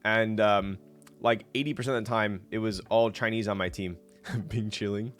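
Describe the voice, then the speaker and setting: A man's voice: on the low side, fairly even intonation, moderate pace, fairly bright tone, faint music behind. A young man casually chatting on his live stream, laid-back and rambling, laughing often and reading chat aloud.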